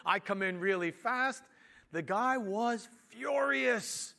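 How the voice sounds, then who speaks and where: A man telling a business story in an animated way, acting out what people said to him. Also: high-pitched, slow, vocal fry. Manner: animated, acts out quotes. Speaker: business owner and speaker.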